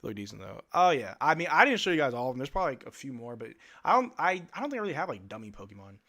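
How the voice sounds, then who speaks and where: A man's voice: medium pitch, sing-song, rapid-fire, fairly bright tone. A male live-stream host giving casual fan play-by-play commentary in a blunt, exasperated, slangy way.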